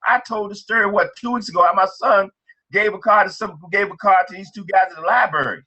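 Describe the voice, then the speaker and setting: Pep-talk team leader, man, bright and a bit high, energetic and repetitive. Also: a little fast, husky, dull audio. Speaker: team leader on a business training call.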